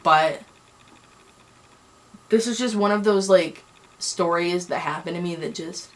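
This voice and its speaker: A woman's voice: fairly low pitch, a little slow. A young woman telling a personal story on a vlog, angry and heated, rambling with many restarts. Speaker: vlogger.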